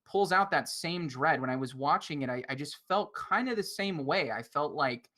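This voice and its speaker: A man's voice: on the high side, expressive, moderate pace, sharp tone. A man co-hosting a roundtable film podcast, reflective and philosophical, often checking in with "right?". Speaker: podcast co-host.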